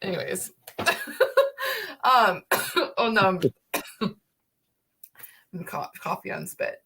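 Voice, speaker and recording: A woman's voice: mid-range voice, slow pace, pushed and bright, husky. A young woman co-hosting a casual livestream chat, telling a story with lots of "like" and nervous laughter. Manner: breathless, laughing storytelling with many "like"s. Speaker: co-host.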